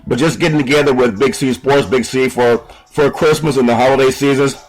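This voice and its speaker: A man hosting a casual sports radio talk show in an upbeat, folksy, rambling way, giving shout-outs to listeners. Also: medium pitch, fairly even intonation, a little fast, rough recording.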